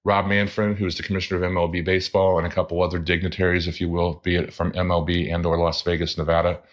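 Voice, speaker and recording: Man, very low pitch, relaxed podcast co-host, loose rambling delivery. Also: quick pace. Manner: rambling, self-correcting, drinking beer on air. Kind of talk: casual chat.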